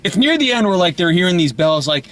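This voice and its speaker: A young man in casual chat with a friend, rambling with many fillers and quick to laugh. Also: high-pitched, very animated, a bit bright. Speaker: podcast co-host.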